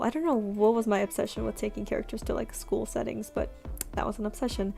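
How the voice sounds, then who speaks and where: This young streamer talks quickly in a voice on the high side, with little pitch movement and vocal fry. She chats casually as she draws, rambling and self-deprecating with lots of fillers over soft background music.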